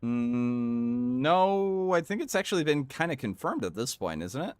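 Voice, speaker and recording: A man's voice: medium pitch, big pitch swings, measured pace, clean tone. A man doing casual reaction commentary, interrupting with crude, rambling and mocking remarks. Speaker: streamer commentator.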